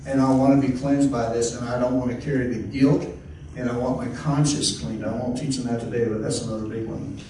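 Pastor preaching in an echoey church. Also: male voice, mid-range voice, steady tone, brisk, dark tone. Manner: conversational, repeats and restarts, folksy exclamations. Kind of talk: sermon. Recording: echoey hall, distant mic, faint noise.

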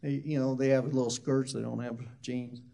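A man's voice: mid-range voice, little pitch movement, moderate pace, gravelly, warm tone. A man who is a minister, telling a loose, rambling testimony story full of asides.

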